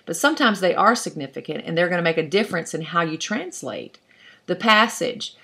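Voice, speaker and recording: A woman's voice: fairly low pitch, big pitch swings, brisk, gravelly, sharp tone. A woman teaching an online class, explaining step by step in a patient way and thinking aloud as she goes. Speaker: Hebrew instructor.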